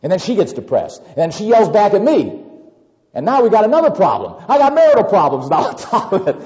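Male pastor, sermon delivery, mellow tone, very lively pitch, dull lo-fi hall recording with long reverb. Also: a little fast. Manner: animated, acts out worried scenarios with repetitions.

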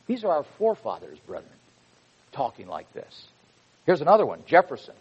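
A man's voice: a little high, huge pitch swings, a little fast, breathy edge, muffled recording. A man preaching a sermon from the pulpit, speaking emphatically and reading quotations with rising fervor.

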